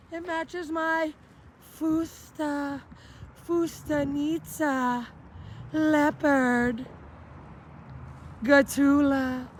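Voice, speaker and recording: High voiced lady livestreaming on the street at night, rambly and over the top, bit of noise behind. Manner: flamboyant, rambling, quick topic jumps. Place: outdoors on a downtown city street at night.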